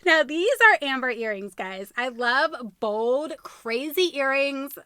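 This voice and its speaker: A young woman vlogging at home, unboxing gifts from a friend in a gushing, excitable way, with squeals and gasps. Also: sits high, takes it slowly, hardly any pauses. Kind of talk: casual vlog unboxing.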